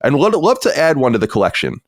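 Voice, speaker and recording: A man's voice: on the high side, huge pitch swings, quick pace, dry recording. A man hosting a podcast in casual chat, blunt and opinionated, rambling with restarts. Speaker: podcast host.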